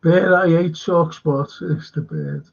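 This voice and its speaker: Man, fan stream host, rambling casual chat, husky and gravelly, dull lo-fi audio. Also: on the high side, steady tone, takes it slowly. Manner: rambling, reads viewer comments aloud.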